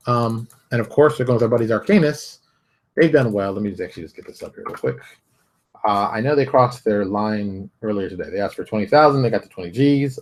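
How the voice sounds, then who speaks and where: A middle-aged man hosting his own daily online show, chatting casually with joking asides and dramatic outbursts that drop into mutters. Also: medium pitch. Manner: joking, theatrical asides, swings between loud outbursts and mutters. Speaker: show host.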